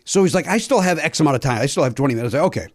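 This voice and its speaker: A man's voice: a little high, very fast, no room sound, clean studio sound. A man hosting a podcast, telling a story in casual chat, acting out the dialogue and swearing. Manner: animated, acts out quoted dialogue, swears. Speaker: podcast host.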